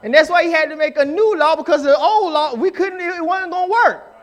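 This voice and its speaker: A pastor preaches live from a church pulpit in a strikingly high voice. He drives his points home with emphatic repetition, swings up into shouts, and slips into the voices of the people he quotes. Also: brisk. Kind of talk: live sermon. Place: church sanctuary.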